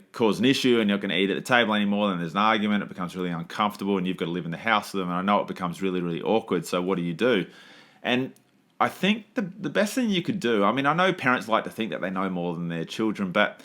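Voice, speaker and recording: A young man speaks in a fairly low voice, hosting a casual solo podcast. He talks earnestly and rambles a bit, leaning on fillers and slipping into quick quoted asides. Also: a bit bright. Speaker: podcast host.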